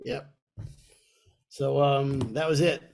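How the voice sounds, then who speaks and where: A man in his sixties from Kentucky, co-hosting a podcast and telling a personal story in a casual, animated way. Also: mid-range voice, takes it slowly, gravelly. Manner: animated storyteller, acts out voices in quotes. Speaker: podcast co-host.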